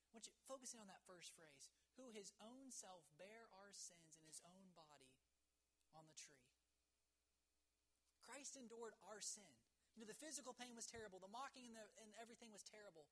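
A woman preaching an evening sermon, earnest, reading scripture slowly and dramatically. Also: medium pitch, fairly bright tone.

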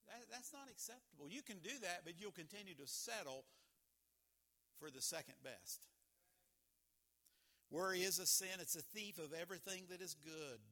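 A man preaching a sermon, folksy and quick to ask his congregation questions. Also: high voice, bright, forceful tone. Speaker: pastor.

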